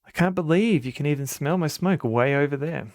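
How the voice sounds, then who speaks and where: A man's voice: a little high, brisk, no echo, studio quality, pitched above the performer's own voice, lightly acted. A man voicing a wisecracking, smoking male police partner in a game, reading the lines in a near-plain voice. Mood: teasing.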